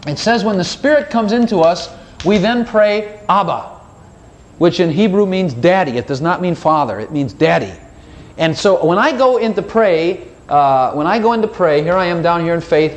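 Guy preaching casual, kinda high voice, chatty and playful, acts out his prayers. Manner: chatty and animated, with playful asides and little laughs; voices his own prayers to God in quoted dialogue. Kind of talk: informal sermon.

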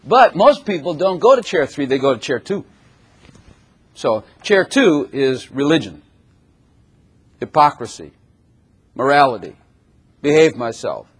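A man's voice: fairly high pitch, big pitch swings, measured pace, pauses often, breathy edge. A man preaching a sermon who often laughs and acts out little voices as he talks.

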